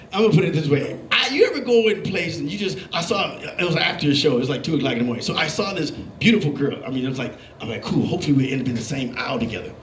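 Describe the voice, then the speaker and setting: A man doing a stand-up comedy set, telling animated stories and acting out the voices of the people in them. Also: on the high side, slight background noise. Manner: animated storytelling, acting out voices, laughing along. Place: comedy club stage. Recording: roomy club with live audience. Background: audience laughing.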